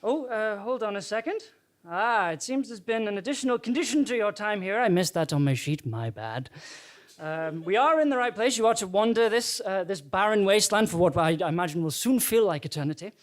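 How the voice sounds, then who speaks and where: A man's voice: high-pitched, expressive, fairly quick. A man voicing a polite but sinister afterlife warden in an improvised comedy audio drama, with awkward, apologetic rambling full of fillers.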